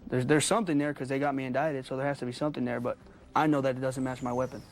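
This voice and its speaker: A man's voice: mid-range voice, fairly even intonation, very fast, a little hiss or hum. A young man, a talk show guest, earnestly recounting his arrest in a studio interview.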